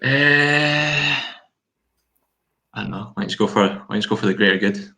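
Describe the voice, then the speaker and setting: Scottish man, wry, teasing, lowish pitch, bright tone. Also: normal speed. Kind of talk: casual podcast banter.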